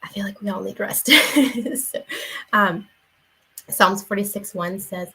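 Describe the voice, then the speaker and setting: A young woman speaks slowly in a bright, forceful, mid-range voice with a breathy edge, recorded roughly. A faith vlogger and parent, she offers a casual devotional talk, earnest and conversational, sharing a personal story with frequent fillers and restarts.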